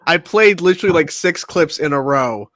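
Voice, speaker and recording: A man co-hosting a casual pop-culture chat show, excitable, laughing and swearing, often repeating himself. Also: fairly high pitch, dry recording. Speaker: co-host.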